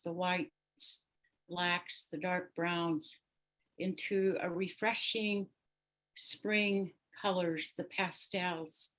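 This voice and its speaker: An older woman from the Oglala Sioux Nation, an invited elder offering a gentle, reflective spoken prayer. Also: lowish voice, poor audio. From USA, Oglala Sioux Nation.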